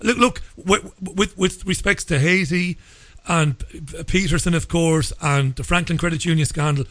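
Halting, measured male radio host. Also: a little high, fairly bright tone, dry recording. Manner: hesitant, stammering, measured. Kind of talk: interview.

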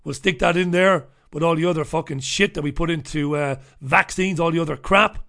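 A man's voice: fairly high pitch, a little fast, creaky, fairly bright tone. An Irish man hosting a talk radio show, ranting bluntly and swearing freely. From Ireland. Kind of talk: opinionated talk radio monologue.

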